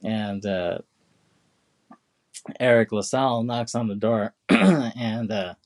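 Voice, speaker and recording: A man with a fairly low voice chats casually on a podcast. He rambles through the story with lots of fillers and slips into quick imitations of the characters. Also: lively intonation. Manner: rambling retelling, many fillers and put-on quotes. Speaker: podcast co-host. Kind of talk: casual chat.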